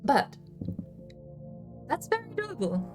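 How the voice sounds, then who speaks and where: A woman's voice: very high-pitched, sing-song, slow pace, faint music behind. A woman hosting a casual livestream, thinking aloud as she explains her game build ideas. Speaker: streamer host.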